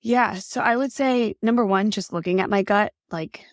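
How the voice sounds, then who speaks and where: A woman's voice: medium pitch, normal speed, no echo, studio quality. A woman being interviewed as a functional health practitioner, telling her story in an earnest, chatty way with lots of "like" and "right?". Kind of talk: casual interview talk.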